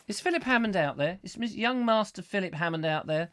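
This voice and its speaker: A man's voice: high voice, big pitch swings, fairly quick, hardly any pauses, fairly bright tone. A middle-aged man hosting a comic live chat show, rambling playfully and breaking into silly voices and sung sound effects.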